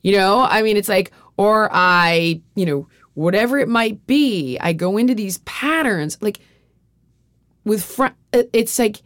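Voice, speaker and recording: A woman's voice: mid-range voice, lively intonation, a little slow, dry recording, clean studio sound. A woman hosting a podcast, talking in a candid, rambling, profane way with frequent restarts. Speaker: podcast host. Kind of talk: casual podcast chat.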